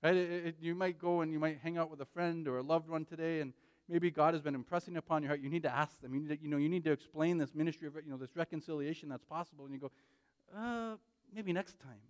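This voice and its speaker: A man with a somewhat high voice preaches with urgency. He pleads with his congregation and keeps punctuating his points with "right?". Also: steady tone, racing, no echo. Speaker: pastor. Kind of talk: sermon.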